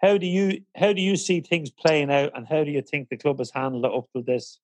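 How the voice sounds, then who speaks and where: A man's voice: a little high, steady tone, brisk, darkish tone, dry recording, poor audio. A man with an Irish accent, hosting the interview and setting up long questions. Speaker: interviewer, host.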